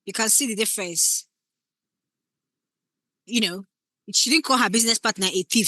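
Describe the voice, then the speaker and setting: A woman's voice: mid-range voice, normal speed, pauses often, bright, forceful tone, dry recording. A woman teaching scriptwriting in a casual lecture, acting out short example lines as she explains. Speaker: scriptwriting instructor.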